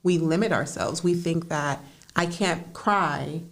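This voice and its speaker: A woman chats casually as a therapist co-hosting a podcast, acting out quotes and laughing often. Her voice sits on the low side. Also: slow pace, gravelly. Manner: animated storytelling, laughs often, acts out quotes. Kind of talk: casual chat.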